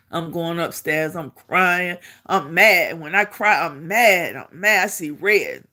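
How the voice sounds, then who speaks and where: A middle-aged woman tells a personal story in a casual, lively way. Her voice is bright and forceful, and she slips into the voices of the people she quotes. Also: lowish voice, slow pace, few pauses. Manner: animated, acts out quotes, laughs while telling. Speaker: vlogger.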